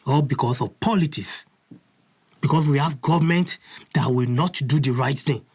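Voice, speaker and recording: A man's voice: medium pitch, moderate pace, a little mellow, slightly rough. A Nigerian man hosting an impassioned commentary, furious and preaching, repeating his points. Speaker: host.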